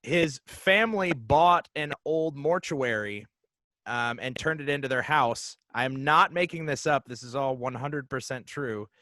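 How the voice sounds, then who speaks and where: A man in his forties, a podcast guest, telling a story casually and haltingly with many fillers and restarts. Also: medium pitch, pushed and bright, no room sound.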